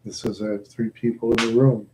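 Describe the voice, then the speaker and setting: A tired, sleepy man chatting alone on a livestream, talking slowly with sighs and trailing words. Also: on the low side, flat delivery, noisy background. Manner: slow, drowsy, sighing and trailing off. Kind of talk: sleepy solo livestream chat.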